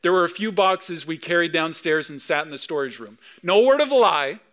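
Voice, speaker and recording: A man from Canada in his thirties preaching a sermon in a high, bright voice. He talks in a conversational, storytelling way and rises with animation at key moments. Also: animated, fairly quick. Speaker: pastor.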